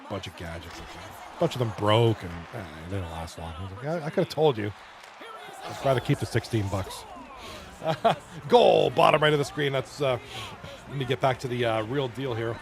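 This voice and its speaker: A man casually commenting on an online hockey league stream, reading chat aloud, chatty and loose with frequent swearing and throat clearing. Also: medium pitch.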